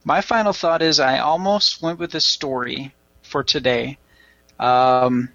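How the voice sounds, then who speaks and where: A man with a gravelly, bright-edged voice tells a story on a casual podcast, rambling and pausing often. The sound is dry and a bit dull, like a lo-fi mic. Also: medium pitch, dry recording. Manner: rambling storyteller, halting with fillers. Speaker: podcast co-host.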